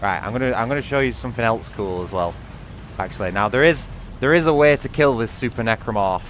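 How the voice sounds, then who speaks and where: A man with a British accent giving excitable live gameplay commentary, swearing often and talking straight to his viewers. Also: mid-range voice, quick pace, a little hiss or hum. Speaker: gaming streamer.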